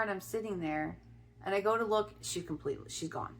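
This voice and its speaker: A middle-aged woman from Ohio telling a personal story in a chatty vlog, often restarting her sentences and filling pauses. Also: medium pitch, a bit bright. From Ohio, USA. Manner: chatty, with many restarts and fillers. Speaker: spiritual vlogger.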